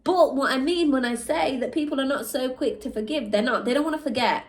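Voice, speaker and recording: A woman talking candidly to camera, animated, slipping into mock voices and laughing at herself. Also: high-pitched, fairly quick. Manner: animated, switches into mock voices when quoting people; laughs at herself mid-sentence. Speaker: vlog host.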